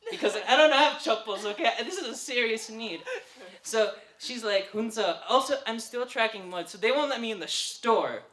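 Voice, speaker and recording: A young man doing stand-up comedy at an open mic, telling a chatty, animated story and often laughing through his lines. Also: very high voice, moderate pace, echoey room. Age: young adult. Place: open mic night venue.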